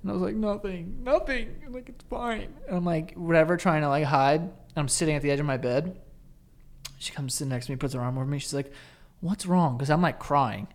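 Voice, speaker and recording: A man's voice: on the high side, fast talker. A man in his thirties co-hosting a podcast, telling laid-back stories in casual chat and acting out the voices of the people in them. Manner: laid-back storyteller, acts out quotes. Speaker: podcast co-host.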